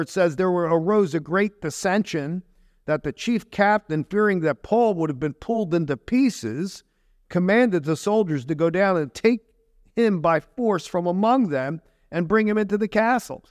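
A man's voice: sits high, dry recording, studio quality. A man pastor preaching a conversational sermon, full of rhetorical questions and asides to the congregation.

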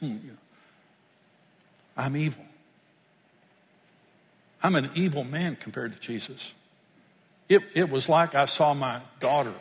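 A man's voice: medium pitch, a bit bright, big-room sound. An older man, preaching a sermon and telling stories in an earnest manner. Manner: storytelling, earnest, rises when stressing points. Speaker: pastor.

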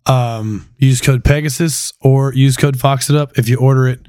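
A man's voice: mid-range voice, fairly even intonation, normal speed, a little mellow, clean tone, no room sound, clean studio sound. A man hosting a casual podcast, easygoing, plugging sponsors in an offhand way. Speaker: podcast host. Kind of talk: casual interview chat.

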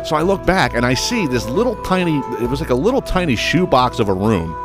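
A man from the United States hosting a podcast, telling a comedic story in a profane, animated way with stammering restarts. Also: mid-range voice, brisk, over music. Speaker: podcast host.

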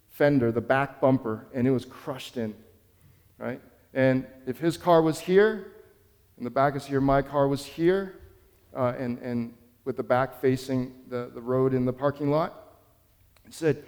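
A man's voice: mid-range voice, a little mellow, big-room sound. A man preaching a sermon as pastor, telling a story in an earnest, conversational way.

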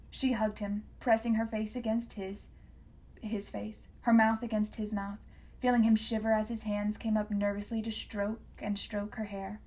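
A woman narrating an audiobook in a measured, hushed reading voice. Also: mid-range voice, little pitch movement. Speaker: audiobook reader. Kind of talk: scripted narration.

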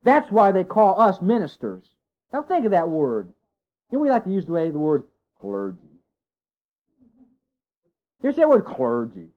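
A man preaching a sermon to his congregation, folksy and animated, full of rhetorical questions. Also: high-pitched, measured pace, pauses often. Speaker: pastor. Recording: dull lo-fi sound.

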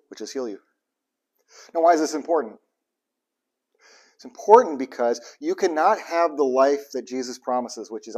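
A male pastor preaches in a casual, joking style. He swings between loud, emphatic bursts and quiet, low asides.

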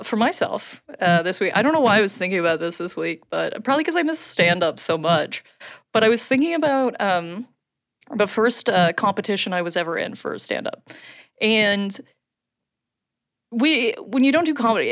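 A woman who co-hosts a podcast and does stand-up, telling a story in a loose, animated way, with frequent laughter and casual swearing. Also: mid-range voice. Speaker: podcast co-host and stand-up comedian.

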